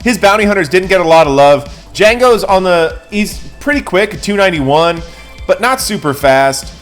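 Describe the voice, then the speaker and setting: A man's voice: high-pitched, lively intonation, moderate pace, faint music behind. A man streaming a game live, telling a bar story in rowdy, profane casual chat.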